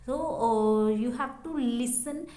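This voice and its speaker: A woman's voice: a little high, slow pace, mellow, reverberant. A woman giving a casual spoken English lesson, hesitant, with many fillers and repeated phrases. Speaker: English teacher.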